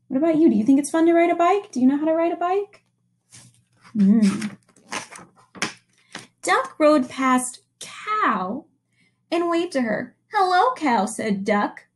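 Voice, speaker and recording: A young woman teacher reading a picture book aloud to children and asking them questions along the way. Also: high voice. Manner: animated storytelling with questions to young listeners.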